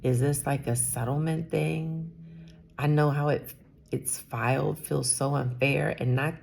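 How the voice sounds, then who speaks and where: A woman's voice: low-pitched, fairly even intonation, measured pace, vocal fry, darkish tone, slight background noise. A woman in her fifties, a salon owner, talking candidly and rambling a little in a personal vlog, sometimes dropping to a whisper. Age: 50s.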